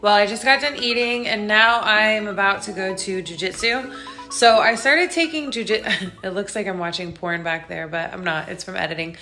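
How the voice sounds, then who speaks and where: A woman's voice: mid-range voice, normal speed, bright, forceful tone, soft background music, poor audio. A young woman casually vlogging her day from her car, chatty, swearing freely and poking fun at herself. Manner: profane, chatty and self-mocking. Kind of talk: casual day-in-the-life vlog.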